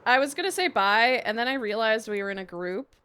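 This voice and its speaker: A woman's voice: on the high side, lively intonation, fairly quick, sharp tone, clear, resonant tone. A woman hosting a gaming video, chatting in a bubbly, giggly way with many restarts and "like"s over a voice call. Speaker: Minecraft server builder and video host.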